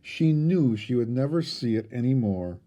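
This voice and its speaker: A man, a teacher, reading a storybook aloud with expressive storytelling. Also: mid-range voice, normal speed.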